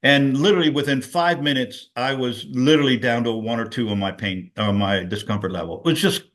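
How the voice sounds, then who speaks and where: Speaking as a guest on a video call, a middle-aged man tells a personal story in a rambling, filler-heavy way, a casual testimonial. His voice is mid-range, a bit bright, and a little fast.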